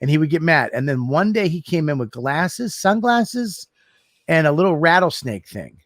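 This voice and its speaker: A man co-hosting a podcast in casual chat, excitable and self-mocking, swearing often. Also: on the high side, normal speed, dry recording, studio quality. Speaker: podcast co-host.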